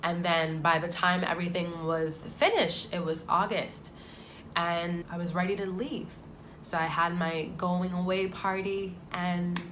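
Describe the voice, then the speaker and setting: A woman's voice: lowish voice, fairly bright tone, a little hiss or hum. A woman in her twenties telling a heartfelt personal story in a vlog, reflective and emotional. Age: 20s. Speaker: vlogger.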